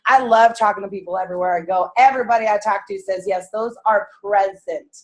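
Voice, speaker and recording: A woman in her thirties leading a motivational sales meeting, animated and laughing as she acts out self-talk. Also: medium pitch, fairly quick. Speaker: sales team leader.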